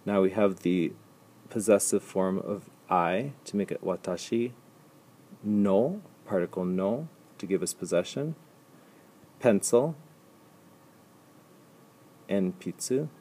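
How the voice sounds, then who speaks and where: Male teacher, low husky voice, patient step-by-step explainer who repeats examples slowly. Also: warm tone. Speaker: language teacher. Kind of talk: recorded slide lecture.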